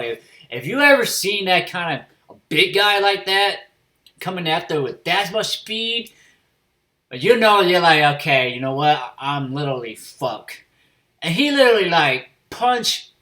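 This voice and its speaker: A man giving a casual spoken review of an anime episode, swearing freely and filling pauses with fillers and restarts. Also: high voice, pushed and bright.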